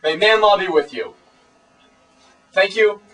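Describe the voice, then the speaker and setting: Teen guy, high voice that swings around a lot, preachy fake-serious, far from the mic. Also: expressive, a little slow. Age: teenage. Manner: pompous, preachy mock authority. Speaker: co-host of a comedy web show. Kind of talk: mock-serious comedy sketch. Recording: voice distant from camera mic.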